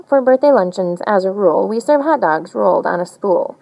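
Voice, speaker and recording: A woman reading a rhyming picture book aloud in an animated, sing-song storytelling manner. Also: mid-range voice, a little fast, vocal fry, highs cut off. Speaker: storybook reader.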